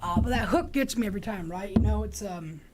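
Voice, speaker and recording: A woman's voice: medium pitch, lively intonation, quick pace, noisy background. A woman hosting a livestream, chatting in a rambling, joking, profane way. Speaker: livestream host. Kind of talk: casual rambling chat.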